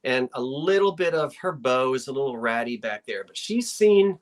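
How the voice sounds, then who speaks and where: A woman's voice: very deep voice, lively intonation, normal speed. A woman hosting a live online sale, describing an item in casual, rambling chat full of asides.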